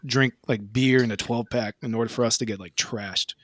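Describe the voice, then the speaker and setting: A man's voice: medium pitch, steady tone, moderate pace, noisy background. A young man in casual chat among friends, laid-back and swearing, telling party stories. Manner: laid-back, swears a lot, says dude. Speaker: podcast co-host.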